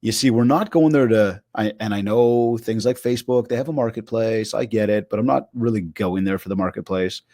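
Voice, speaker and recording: A man's voice: fairly low pitch, a little fast, hardly any pauses, no echo, studio quality. A man on a video call, telling stories with energy and acting out the quotes in his anecdotes. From Canada. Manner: animated storyteller, acts out quotes. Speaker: keynote speaker guest. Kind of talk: casual interview chat.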